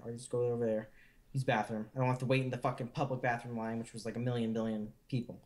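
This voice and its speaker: A man co-hosting a podcast, telling stories in a casual, animated way with lots of swearing. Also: mid-range voice. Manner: animated, profane, quick asides. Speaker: podcast co-host. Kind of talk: casual profane storytelling.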